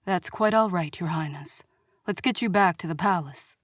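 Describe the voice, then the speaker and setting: A woman voicing a calm male bodyguard. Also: on the low side, moderate pace, dry recording, clean studio sound, close to an everyday voice. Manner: calm, polite, steady.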